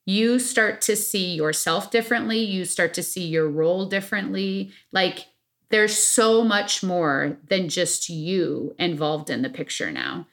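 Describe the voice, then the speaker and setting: A woman co-hosting a casual podcast chat, talking earnestly and with emphasis, often pausing on fillers. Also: fairly low pitch, fairly bright tone. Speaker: podcast co-host.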